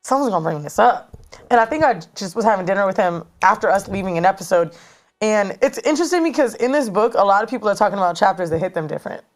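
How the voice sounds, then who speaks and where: A woman in her thirties telling a story in casual chat as a podcast co-host, animated and slangy, recorded in a studio. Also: mid-range voice, fast talker. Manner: animated, slangy, dramatic retelling.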